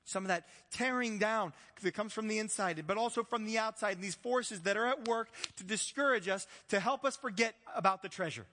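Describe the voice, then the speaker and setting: A man preaching a sermon as pastor in a relaxed, conversational way, mixing in jokes and acted-out quotes. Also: sits high, fairly quick, hardly any pauses, in a large hall. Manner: conversational, joking, acts out quoted voices.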